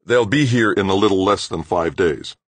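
A tense moon colony chief who gives firm, clipped answers, voiced by a male narrator. The voice is extremely low and husky. It sounds dry and close to the mic. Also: moderate pace, dry recording.

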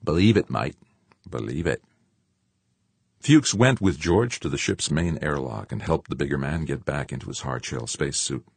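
A man narrating an audiobook in an expressive storytelling manner. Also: rumbling low, moderate pace, creaky, few pauses, breathy edge, dry recording.

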